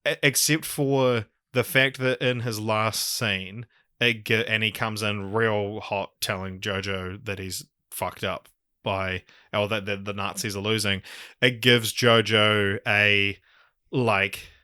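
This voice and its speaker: A New Zealand-accented man chatting on a podcast, his voice a touch low but bright and forward. He rambles, restarts and swears casually. The sound is dry and close. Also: steady tone, slow pace, smooth, dry recording. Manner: rambling, swears often, many fillers. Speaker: podcast host. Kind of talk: casual chat.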